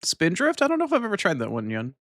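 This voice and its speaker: A man's voice: high voice, huge pitch swings, fairly bright tone, no echo, studio quality. A man live streaming, chatting casually with viewers, swearing freely and tacking a playful verbal tic onto his sentences between bites of food. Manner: loose, swearing, ends lines with a cat-like "nyan" tic; talks while eating, mumbled and unhurried.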